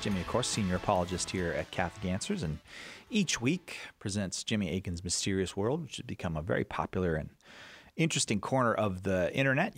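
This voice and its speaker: Lively, animated male radio host. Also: on the low side, slightly rough, no echo. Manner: lively, laughs easily, reads caller questions. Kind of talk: casual radio chat.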